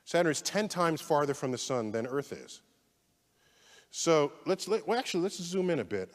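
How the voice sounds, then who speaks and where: Animated man lecturing in a reverberant hall. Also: a little high, normal speed. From United States. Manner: theatrical, swings from loud outbursts to hushed asides. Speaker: astrophysicist giving a public lecture. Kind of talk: animated public science lecture.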